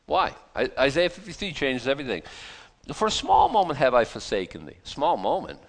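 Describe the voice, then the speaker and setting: A pastor preaches a sermon in a medium-pitched voice, reading scripture aloud and explaining it in a lively, conversational, folksy manner.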